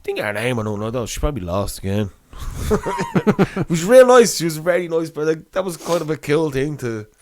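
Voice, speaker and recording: A man's voice: a little high, wildly swooping pitch, normal speed. A young man, telling a rambling story on a podcast, swearing and laughing as he goes. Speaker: podcast co-host. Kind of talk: casual chat, storytelling.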